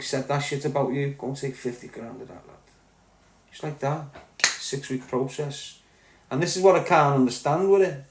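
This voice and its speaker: A man's voice: medium pitch, darkish tone, reverberant. A man with a Liverpool accent ranting angrily as a podcast host, blunt and full of swearing. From Liverpool, England. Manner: angry, blunt, heavy swearing. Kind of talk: heated ranting monologue.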